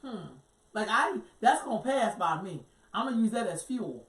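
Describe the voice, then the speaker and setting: A middle-aged woman co-hosts a casual talk show. She tells stories with animated, acted-out quotes. Her voice sounds distant and roomy. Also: mid-range voice, moderate pace. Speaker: co-host. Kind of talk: casual chat. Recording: echoey room, distant mic.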